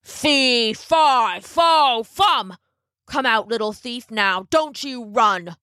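A woman voicing a huge, foul-smelling male giant who roars out slow, chanted threats in a storybook reading. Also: on the high side, expressive, bright, forceful tone, no echo, studio quality, pitched above the performer's own voice, heavily acted. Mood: roaring.

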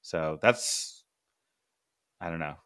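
A man's voice: very deep voice, animated, takes it slowly, a bit bright, clear, resonant tone, no echo, studio quality. A man hosting a comedy sports podcast, steering the show in a laid-back, wry manner. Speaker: podcast host.

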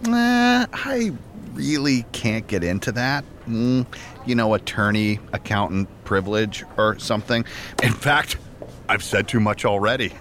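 A flustered, rambling office accountant, his voice low but bouncing all over the place as he stumbles through his excuses. Faint background noise sits under him. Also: expressive, unhurried, fairly bright tone. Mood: evasive. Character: nervous sweaty office accountant man. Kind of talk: audio drama acting.

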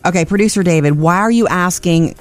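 A woman co-hosting a casual radio show, upbeat with quick reactions to the others. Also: fairly low pitch, soft background music. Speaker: radio co-host. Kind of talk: casual morning radio chat.

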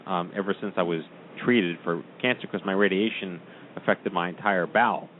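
A man's voice: sits low, moderate pace. A man hosting a casual talk show, upbeat and moving things along. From Brooklyn, New York. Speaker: podcast host. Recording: tinny phone-line sound with faint hiss.

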